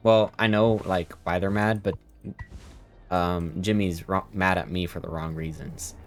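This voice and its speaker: Fields: deep-voiced man, game commentary. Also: fairly even intonation, a little slow. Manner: chatty, argues with the characters, reads dialogue aloud. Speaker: streamer playing a story game. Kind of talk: casual let's-play commentary.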